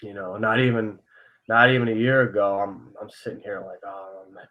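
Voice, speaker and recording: Over phone-quality sound, a young co-host speaks fairly quickly in a lowish voice with mostly even intonation. He rambles earnestly about his feelings on a casual podcast, using lots of fillers and swearing freely.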